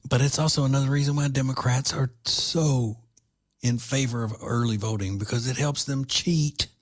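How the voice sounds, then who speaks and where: A man's voice: medium pitch, steady tone, moderate pace. A man from Louisiana hosting a podcast, giving blunt, combative political commentary with rambling asides. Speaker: podcast host.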